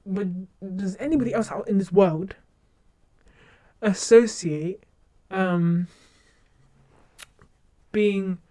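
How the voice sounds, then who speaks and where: Speaking slowly with frequent pauses, this young streamer has a warm, medium-pitched voice. Her livestream chat is casual and rambling, full of self-interruptions and restarts.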